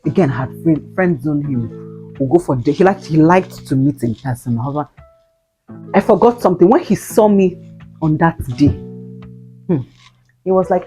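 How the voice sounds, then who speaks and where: Animated woman in her twenties. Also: low-pitched, moderate pace, long pauses. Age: 20s. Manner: animated, exclaiming, slangy asides to viewers. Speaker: vlogger. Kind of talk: casual storytelling. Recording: faint guitar music behind.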